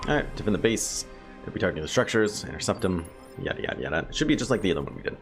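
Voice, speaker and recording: A man's voice: sits low, sing-song, rapid-fire. A man casually commentating a game he plays, chatty and thinking aloud to his viewers. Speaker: gameplay video host. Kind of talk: casual let's play commentary. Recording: game music playing behind.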